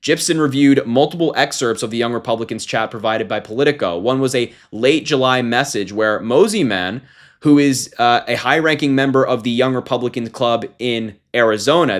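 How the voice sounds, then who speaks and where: Indignant young man commentating. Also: normal speed. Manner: indignant, swinging from loud mocking call-outs to low muttered disgust. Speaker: political commentator host. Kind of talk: casual political commentary.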